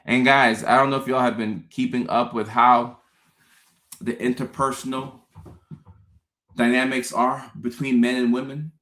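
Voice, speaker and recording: A man hosting a casual live stream, talking straight to his viewers in an animated way, often repeating words and acting out his own confused thoughts. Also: mid-range voice, unhurried, long pauses. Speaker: host. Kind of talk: casual livestream talk to viewers.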